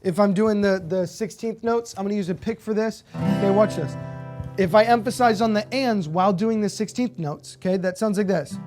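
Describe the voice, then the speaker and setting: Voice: mid-range voice, moderate pace. A guitar teacher giving a beginner lesson, counting beats aloud and cheering students on with frequent "okay?" checks. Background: acoustic guitar strumming.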